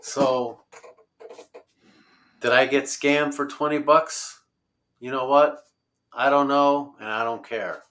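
A man's voice: mid-range voice, fairly even intonation, takes it slowly, long pauses, a bit bright. A man telling a travel story in a rambling conversational way, with many fillers and restarts. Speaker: road-trip traveler guest.

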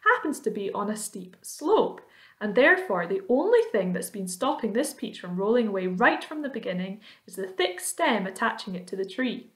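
A woman voicing a kind and gentle female ladybird in a children's story, speaking in a soothing, reassuring way. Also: mid-range voice, sing-song, normal speed, roomy sound. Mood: kindly.

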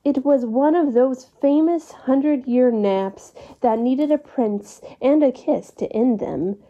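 Calm storytime reader, woman, mellow and unhurried. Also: high-pitched, lo-fi sound. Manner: calm, expressive read-aloud. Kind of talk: reading a children's story aloud.

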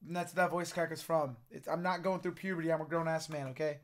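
A young man hosting a reaction video, hoarse from losing his voice, chatting casually and excitably, swearing and laughing often. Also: a little high, quick pace, noisy background.

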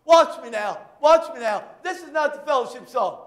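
A male pastor preaching a sermon, telling stories with animated shouted bursts. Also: very high voice, normal speed, reverberant.

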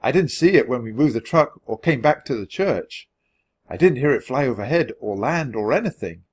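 A man's voice: medium pitch, lively intonation, moderate pace, husky. A man voicing a practical, level-headed boy in a storybook reading. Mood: earnest.

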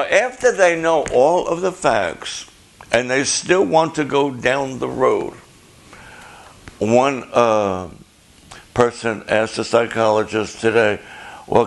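An older man preaching a sermon as a pastor, passionate and loud, firing off rhetorical questions. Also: mid-range voice, vocal fry.

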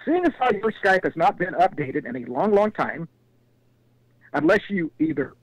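A man on a talk panel telling a folksy joke-story in an animated way. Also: sits high, normal speed, no room sound, low-quality recording. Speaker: call-in panelist. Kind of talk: casual storytelling.

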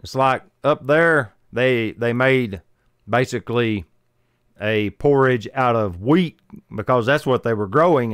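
A man from the American South hosts a casual livestream, chatting easily and chuckling between remarks. His voice sits at a middle pitch. The sound is dry and close, with little room around it. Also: measured pace, smooth, dry recording. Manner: relaxed, chuckling, easygoing chatter. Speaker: livestream host.

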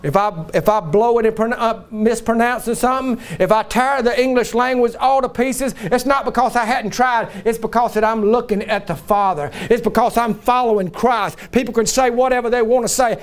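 A man's voice: very high voice, moderate pace, hardly any pauses. A male pastor preaching a sermon in a folksy, emphatic storytelling way in a church.

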